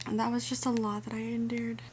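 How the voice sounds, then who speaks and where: A young woman vlogging her reactions to a fantasy series, excitable and often dropping to a whisper. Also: a little high. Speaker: book vlogger. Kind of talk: casual reading reactions. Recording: faint background noise.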